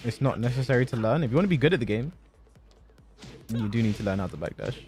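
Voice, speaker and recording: Young male streamer, lively casual chat. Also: mid-range voice, fast talker, faint music behind. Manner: loose, profane storytelling. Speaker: streamer and Tekken competitor.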